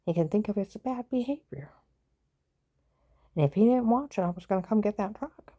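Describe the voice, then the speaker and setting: A woman's voice: mid-range voice, lively intonation, moderate pace, warm tone. A woman telling a long personal story in a heated, repetitive way, swearing bluntly and often repeating "I said.". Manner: heated, repetitive retelling with frequent "I said". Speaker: vlogger.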